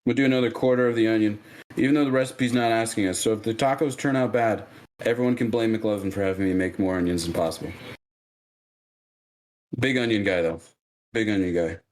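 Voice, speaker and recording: A man streaming from his home kitchen, chatting casually and joking at his own slow cooking. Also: on the low side, fairly even intonation, darkish tone. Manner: joking, self-mocking, unhurried.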